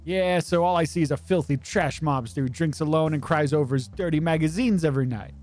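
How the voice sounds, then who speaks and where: A man voicing a cocky male squirrel mobster who trades fast, taunting insults. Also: fairly high pitch, darkish tone, close to an everyday voice. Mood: sneering. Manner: fast, taunting trash talk.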